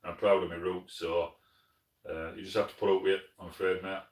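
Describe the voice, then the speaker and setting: A friendly South Yorkshire man with a deep, low voice chats through viewer comments on a live stream. He is plain-spoken and keeps calling people mate. He sits some way from the mic in an echoey room. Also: level tone, brisk, recorded from a distance. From Sheffield, South Yorkshire, England. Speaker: hunting channel host.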